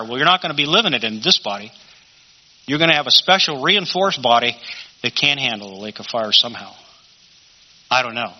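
A man's voice: mid-range voice, lively intonation, fairly quick. A man teaching a Bible study in a conversational sermon style, often asking rhetorical questions. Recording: dull lo-fi recording.

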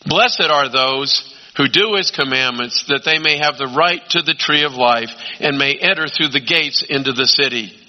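A man preaching a sermon as pastor, emphatic, swinging between loud urging and quiet asides. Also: medium pitch, moderate pace. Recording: dull lo-fi sound.

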